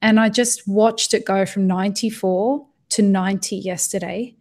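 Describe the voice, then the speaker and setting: A woman's voice: mid-range voice, steady tone, normal speed, a little mellow. A woman in a casual podcast conversation, talking with passion, often restarting her sentences and swearing freely. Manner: impassioned, frequent restarts and swearing.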